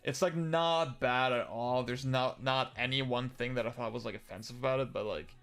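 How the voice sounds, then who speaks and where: A man's voice: medium pitch, moderate pace, fairly bright tone, smooth, soft background music. A young man chatting casually on a livestream, answering viewer comments in a rambling way, with lots of fillers, restarts and casual swearing. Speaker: livestream host.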